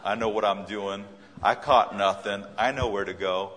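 A man's voice: lowish voice, steady tone, normal speed, a bit bright, in a large hall, close to an everyday voice. Man voicing a grumbling stubborn fisherman.

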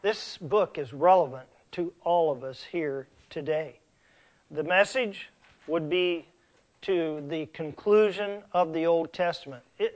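A middle-aged man preaching a sermon as pastor, slow and emphatic, asking the congregation rhetorical questions. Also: fairly high pitch, a little mellow.

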